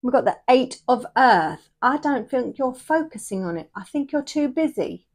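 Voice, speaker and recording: A woman's voice: high-pitched, lively intonation, moderate pace. A woman giving a casual tarot reading, chatty and rambling, often checking in with "yeah?". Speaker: tarot reader.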